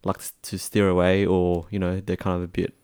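An Australian man chatting as a podcast co-host, relaxed and halting, with many fillers. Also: sits low, clear, resonant tone, dry recording, studio quality. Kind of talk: casual chat.

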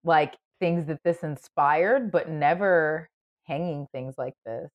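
A woman co-hosting a podcast in casual chat, enthusiastic and rambling, quick to exclaim. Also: low voice, highs cut off. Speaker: podcast co-host.

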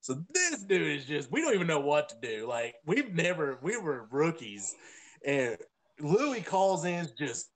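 A man co-hosts a casual chat, telling a story in a loose, profane, laughing way. His voice sits high and moves a lot, rising and dropping through each line. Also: very animated, unhurried. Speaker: podcast co-host.

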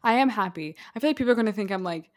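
A young woman co-hosts a podcast in casual chat, talking very fast in a mid-range, darkish voice with lively intonation. She's chatty and keeps sprinkling "like" through her speech.

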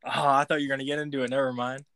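A man's voice: medium pitch, level tone, rapid-fire, fairly bright tone, clear, resonant tone, no echo. A man co-hosting a podcast, giving short, laid-back reactions in casual chat. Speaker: podcast co-host.

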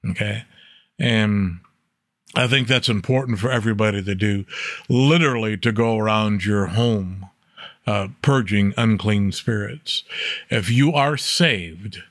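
A man teaching an informal Bible study, reading scripture aloud and explaining it plainly, often checking in with a quick "okay?". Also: on the low side, a bit bright, dry recording, studio quality. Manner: plainspoken, repeats "okay?" to check listeners follow; reads scripture aloud with rising emphasis.

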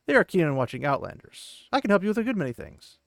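A man's voice: high voice, sing-song, quick pace, creaky, a bit bright, dry recording, studio quality, pitched above the performer's own voice, exaggerated voice. A man voicing an old wandering minstrel who speaks in a courtly, eager-to-please way.

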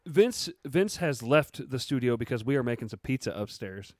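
A man's voice: medium pitch, animated, normal speed. A man hosting a casual podcast, joking around and reading listener questions aloud. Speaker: podcast host.

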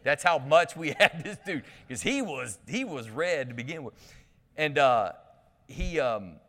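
A man's voice: fairly high pitch, measured pace. Male pastor preaching in an echoing church. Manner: lively storytelling with humor and call-outs to the congregation. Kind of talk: sermon. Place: church sanctuary. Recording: long reverb of a church hall.

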